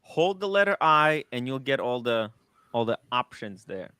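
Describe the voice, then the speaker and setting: A man's voice: medium pitch, big pitch swings, moderate pace, bright, forceful tone, smooth, no room sound, studio quality. A man hosting a casual chat show, agreeable and reading out viewer donations. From raised partly in the United States. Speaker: host.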